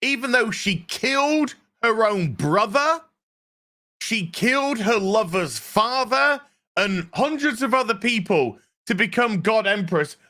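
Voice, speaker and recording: A man reviews a show in a sarcastic, profane rant. He speaks slowly, but his pitch swings a lot, and his tone is bright and forceful. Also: expressive. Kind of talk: ranting review vlog.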